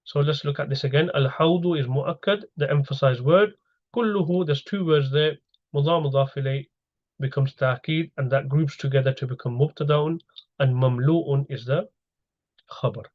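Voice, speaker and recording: A man's voice: a little high, moderate pace, lo-fi sound. A man teaching an online grammar lesson over slides, explaining step by step and asking his students questions.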